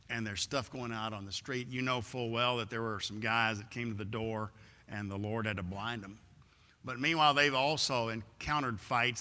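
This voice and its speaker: A man's voice: medium pitch, bright, forceful tone. A man preaching a sermon in a church, telling a story and acting out its scenes. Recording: echoey church hall.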